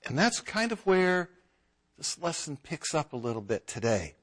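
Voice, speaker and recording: Animated man preaching a sermon. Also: a little high, normal speed, slightly rough. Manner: conversational, acts out townspeople's voices.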